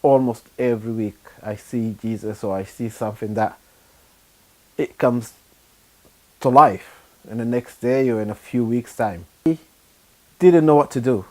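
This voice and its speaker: A middle-aged man from Sudan, giving a personal testimony in a halting, unhurried way with frequent pauses and fillers. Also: mid-range voice, mellow. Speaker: churchgoer giving his testimony.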